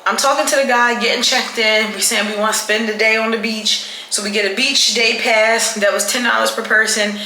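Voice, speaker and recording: Woman vlogging at night, bright voice, kinda high, echoey room, animated storytelling. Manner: animated, chatty, with dramatic retelling. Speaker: travel vlogger. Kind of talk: casual storytelling to camera. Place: indoors at night during her night routine. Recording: echoey room with faint background noise.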